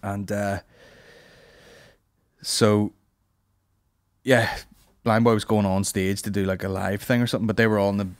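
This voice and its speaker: Male podcast host, low-pitched, rambling, profane comic storyteller. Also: level tone, moderate pace, pauses often. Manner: rambling storytelling, swears a lot, laughs often. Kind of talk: casual comedy banter.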